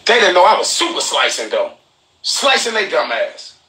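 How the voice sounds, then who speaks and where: A man hosting a podcast, telling a story in an animated, profane way and acting out the people he quotes. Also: high voice, normal speed. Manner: excitable, profane, acts out quotes. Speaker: podcast host. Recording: roomy echoey room, faint noise.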